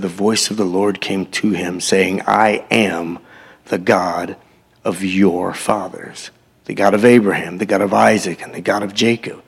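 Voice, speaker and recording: Male preacher, gravelly and husky, reads scripture with brief asides. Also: lowish voice. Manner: reads scripture aloud, breaking in with short asides. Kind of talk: sermon scripture reading with commentary.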